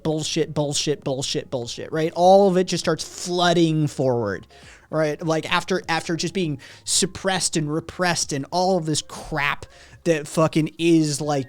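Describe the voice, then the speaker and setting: A man hosting a livestream, telling a rambling, profane story to his chat with lots of "right?" asides. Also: on the high side. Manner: rambling, heavy swearing, frequent "right?" asides. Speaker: livestream host.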